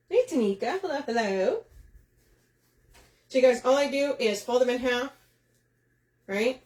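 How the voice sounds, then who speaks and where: A woman's voice: on the high side, a little slow, long pauses, a little mellow. Chatty woman in an echoey room. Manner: chatty, laughs often, talks to viewers by name. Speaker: craft shop host. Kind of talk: live-streamed craft demo.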